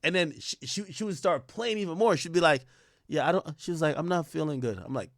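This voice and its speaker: A young adult man with a fairly high voice talks fast, telling a long personal story in casual, profane streamer style. He's animated, swears a lot and acts out the voices of the people he quotes, recorded with studio quality and no echo.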